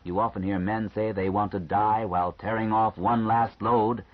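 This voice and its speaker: A calm, frank doctor, read by a male audiobook narrator, speaking in a low, slightly husky voice with measured, matter-of-fact explanations. The recording is a bit dull and lo-fi. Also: lightly acted.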